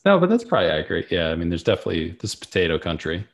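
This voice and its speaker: A man with a very deep voice co-hosts a casual podcast. He recaps in a relaxed, filler-heavy way. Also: racing, gravelly. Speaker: podcast co-host. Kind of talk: casual chat.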